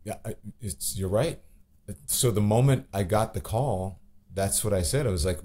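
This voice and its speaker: Deep-voiced man telling his story. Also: normal speed, dark tone. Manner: candid storytelling with many restarts. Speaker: guest. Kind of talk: podcast interview.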